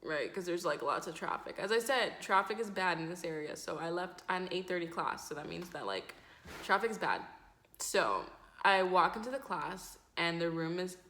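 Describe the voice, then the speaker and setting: Twenties woman vlogger, storytime rambler, bright and swears a lot. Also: on the low side, normal speed. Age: 20s. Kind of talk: casual storytime. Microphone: camera mic.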